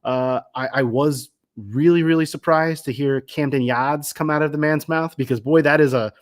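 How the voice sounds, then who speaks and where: A man's voice: fairly high pitch, moderate pace. A man co-hosting a sports podcast, talking casually and often restarting his sentences. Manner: hesitant, many restarts and repeated words.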